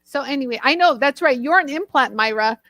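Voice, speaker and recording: A bubbly, gushing woman from the northern United States chats casually with viewers while hosting a live jewelry tool stream. Her voice sits high, and the sound is dry and close, with no room around it. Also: expressive, brisk, a bit bright, dry recording. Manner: bubbly, gushing, chatty, laughs often.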